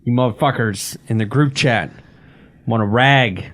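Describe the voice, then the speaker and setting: A man's voice: mid-range voice, a little slow, a bit bright. A man co-hosting a casual sports podcast, joking and swearing through banter about bets. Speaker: podcast co-host.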